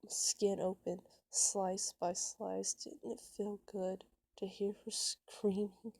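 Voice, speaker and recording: A woman voicing a cocky, taunting young male prankster in an amateur fan story reading, sneering and pitched high. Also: creaky, warm tone, slightly rough, no room sound, exaggerated voice. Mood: menacing.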